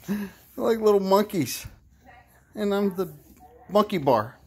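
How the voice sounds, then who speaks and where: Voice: mid-range voice, expressive, slow pace, darkish tone, breathy edge. A young adult parent in a home video, talking to babies in sing-song, encouraging baby talk.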